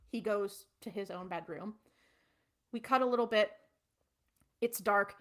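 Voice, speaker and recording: A woman's voice: a little high, normal speed, long pauses, a bit bright. A woman podcast co-host, retelling a TV episode in a rambling, casual way with lots of fillers. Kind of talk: casual recap chat.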